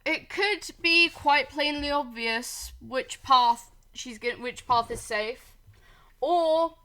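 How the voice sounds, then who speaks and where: Chatty woman player, crisp bright tone, talks through her choices. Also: high voice, slow pace. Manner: chatty, thinking out loud. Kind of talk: casual chat.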